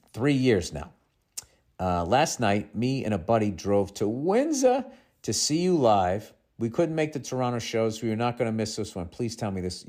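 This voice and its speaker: A man's voice: on the low side, a little mellow. A man in his fifties, a podcast host with a Boston accent, reading a listener's letter aloud and breaking in with sarcastic, exasperated asides.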